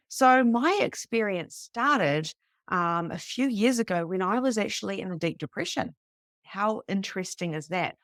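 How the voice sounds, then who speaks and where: A New woman in her thirties telling a personal story to a live group, animated and casual, swearing freely. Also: medium pitch, no room sound, studio quality. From New Zealand. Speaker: psychic medium teaching beginners.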